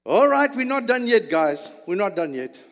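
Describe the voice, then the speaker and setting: Male pastor, theatrical sermon delivery, high voice, unhurried; hall reverb. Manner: animated, theatrical, laughing often. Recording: echoey church hall reverb.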